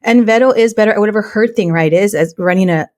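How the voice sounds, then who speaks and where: A woman's voice: medium pitch, fast talker, a little mellow. A woman co-hosting a podcast, chatting casually and telling stories animatedly, with Spanish words dropped in. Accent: Latina American English with Spanish words. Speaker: podcast co-host.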